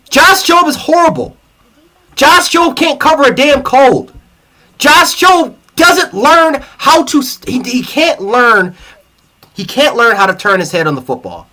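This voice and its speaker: A man hosts a sports livestream, furious after a loss and swearing through his rant. He stumbles over and repeats his words. His voice sits high with a bright, sharp edge. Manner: angry, profane, repeats himself. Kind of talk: heated fan reaction rant.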